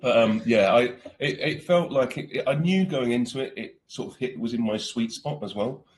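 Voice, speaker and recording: A man's voice: mid-range voice, normal speed, a little hiss or hum. A British man in his forties, an actor chatting casually in an interview, laughing often and restarting his sentences.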